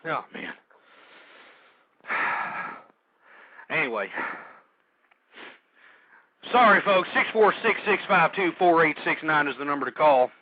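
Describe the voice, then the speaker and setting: A man hosting a talk radio show, ranting and agitated and shouting at times. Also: a little high, animated, brisk, few pauses, no room sound. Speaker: radio host. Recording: dull lo-fi dry radio recording.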